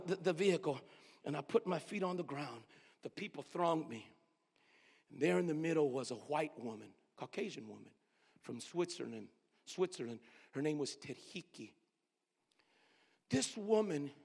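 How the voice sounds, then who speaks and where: High-voiced man preaching in an echoing hall. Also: creaky, husky. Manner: swings between loud outbursts and hushed near-whispers. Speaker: pastor. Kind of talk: storytelling sermon. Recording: long reverb of a large hall.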